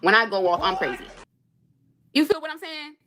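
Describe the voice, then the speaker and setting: This young livestreamer, responding to super chats, launches into a heated rant about her marriage, hammering her points again and again in exasperation. Her voice sits a little high and sing-song, with a fairly bright tone, at a moderate pace. A faint hiss or hum runs under the audio.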